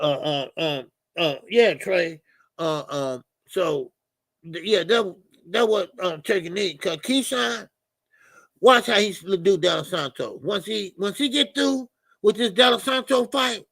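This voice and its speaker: Loud, gravelly man talking boxing trash. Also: high voice, no room sound, studio quality. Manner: profane trash talk, animated and loud. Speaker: boxing fan caller on a live show. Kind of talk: heated boxing talk.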